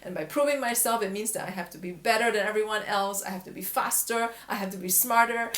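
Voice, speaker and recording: A woman voice coach speaking in a candid, reflective vlog voice at a middle pitch. She laughs at herself now and then, and her voice rings in a roomy, echoey space. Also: fast talker, few pauses, a bit bright. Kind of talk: casual vlog talk to camera. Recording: echoey room.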